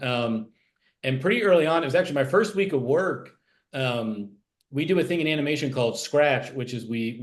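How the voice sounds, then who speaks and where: Fast-talking rambling man. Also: mid-range voice. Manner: rapid, rambling, many fillers and restarts. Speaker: TV animation writer, interview guest. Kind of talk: casual interview chat.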